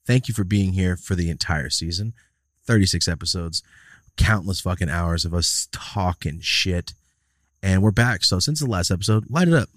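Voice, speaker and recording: A man's voice: sits low, normal speed, dry recording, studio quality. A man hosting a podcast in a casual chat, telling stories and acting out quotes. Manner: animated storyteller, acts out quotes. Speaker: podcast host.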